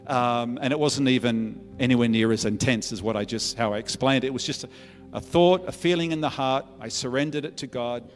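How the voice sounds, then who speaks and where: An Australian man preaching a sermon, telling his story in an earnest, conversational way and often restarting mid-phrase. His mid-pitched voice rings through a reverberant church hall. Soft music plays faintly underneath. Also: brisk. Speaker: pastor. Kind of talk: sermon testimony.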